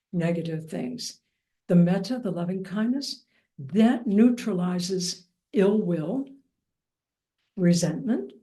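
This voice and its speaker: A woman teaching Buddhist practice in a dharma talk, gentle and reflective with a light playful touch. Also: lowish voice.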